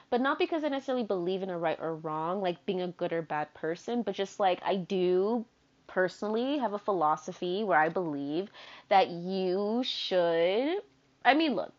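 A young woman in her twenties hosting a podcast, telling stories in a chatty, animated way, full of "like" and asides. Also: medium pitch. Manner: chatty, animated, filler-heavy with frequent "like". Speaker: podcast host. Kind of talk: casual storytelling monologue. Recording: dull lo-fi sound.

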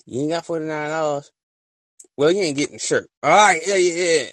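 A man hosting a casual podcast chat, talking to his listeners in a slangy, joking way that swings between loud and soft. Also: fairly high pitch, brisk, no room sound, low-quality recording. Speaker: podcast host. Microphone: voice-message app.

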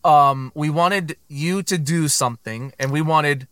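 A man hosting a casual chat, relaxed and rambling, with plenty of ums. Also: on the high side, measured pace, no echo, studio quality. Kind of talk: casual conversation.

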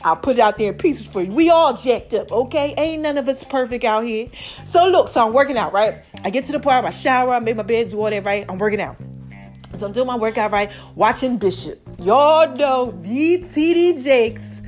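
A woman vlogger and podcast host chatting casually to her viewers, animated and talkative, tossing in "y'all" and "okay?". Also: fairly high pitch, moderate pace, soft background music.

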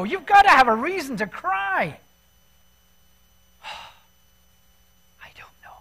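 A man with a high-pitched voice delivers a sermon in a church. He talks in an easy, animated way. He keeps asking the congregation questions. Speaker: preacher.

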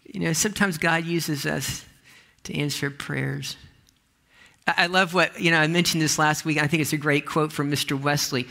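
A man's voice: fairly high pitch, fairly even intonation, moderate pace, gravelly, sharp tone. A man, a pastor, giving a conversational sermon full of restarts and asides.

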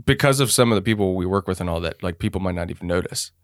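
A man's voice: deep voice, very fast, dry recording, studio quality. A man co-hosting a podcast, talking bluntly and profanely while musing on ideas. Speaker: podcast co-host. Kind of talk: casual chat.

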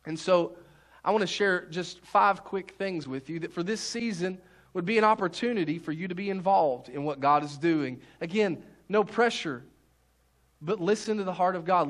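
Folksy high-voiced pastor. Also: male voice, a bit bright. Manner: folksy, conversational preaching with many restarts. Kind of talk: sermon.

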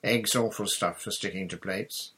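A man voicing a sensible, motherly older girl who cooks for the crew in a storybook reading, speaking briskly and practically. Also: fairly low pitch, a bit bright, slightly rough.

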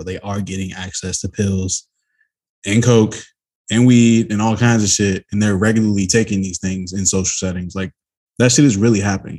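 A young man co-hosting a podcast, talking in a relaxed, blunt, rambling way in casual chat. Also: fairly low pitch, husky. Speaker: podcast co-host.

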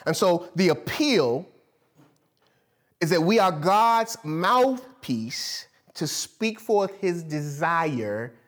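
A man delivering a sermon to his congregation, with a voice that sits a bit above the usual male range. He preaches in a lively, conversational way, breaking into laughter and side remarks as he goes. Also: fairly high pitch. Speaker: pastor.

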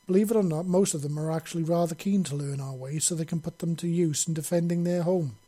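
A man reading an audiobook, voicing a steady male clan patriarch who speaks in a measured, persuasive way. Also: a little high, pitched above the performer's own voice, close to an everyday voice.

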